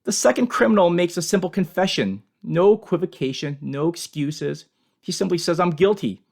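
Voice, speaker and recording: A man giving an earnest, measured scripture commentary as a Bible teacher, in short emphatic phrases. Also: sits high, creaky, a little mellow.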